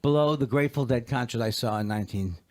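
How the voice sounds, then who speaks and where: A middle-aged comedian guest joking and rambling in studio banter, mocking himself and slipping into sung snippets. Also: male voice, mid-range voice, quick pace, a little mellow.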